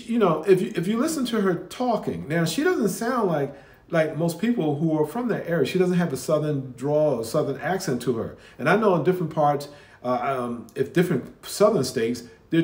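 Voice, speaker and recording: A man's voice: a little high, darkish tone, reverberant. A man with a Northeastern US accent reacting to a video, talking candidly and conversationally, often restarting and repeating himself. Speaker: commentary video host. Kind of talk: reaction commentary.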